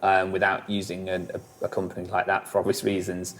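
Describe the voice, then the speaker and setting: Man, low voice, rambling casual storytelling, lots of fillers and swearing. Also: completely flat delivery, fast talker, a bit bright. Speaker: musician guest.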